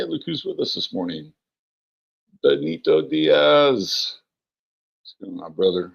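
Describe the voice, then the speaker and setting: A man hosting an astrology livestream, greeting chat viewers by name in a relaxed, rambling way with many fillers and a gravelly, husky voice. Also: low-pitched, lo-fi sound. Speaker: astrology show host.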